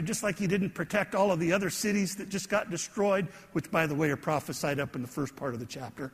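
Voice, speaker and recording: A man's voice: high voice, expressive, quick pace, hardly any pauses, a bit bright, slightly rough. A man preaching a sermon in a conversational way, asking his congregation questions as he goes. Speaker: pastor. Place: church sanctuary. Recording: long church hall reverb.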